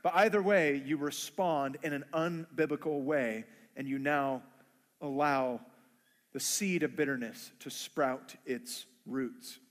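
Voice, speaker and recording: High-voiced male preacher in a hall. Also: slow pace. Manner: acts out dialogue in funny voices. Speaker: pastor. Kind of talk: sermon.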